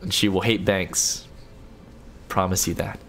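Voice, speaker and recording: Speaking a little slowly in a deep, level voice that's creaky and a bit bright, a young man runs a late-night livestream. He reads viewers' messages out loud and replies casually, frequently restarting, over slight background noise.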